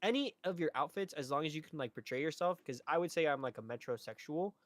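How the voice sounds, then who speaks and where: A man co-hosting a casual podcast chat, talking in a laid-back, teasing way that often trails off softly. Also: on the high side, animated, fast, no room sound. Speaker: podcast co-host.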